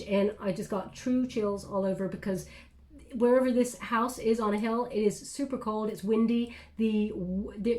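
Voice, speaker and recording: A woman giving an intuitive tarot reading to camera, chatty and reflective, with many pauses and restarts. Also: a little high, darkish tone. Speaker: tarot reader.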